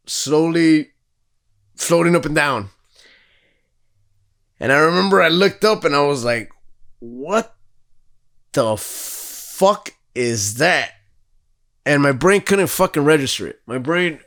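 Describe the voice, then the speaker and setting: A man's voice: fairly high pitch, normal speed, long pauses. A man co-hosting a podcast, telling a story in casual, profane talk and acting out what people said. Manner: profane, animated, acts out quotes. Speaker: podcast co-host.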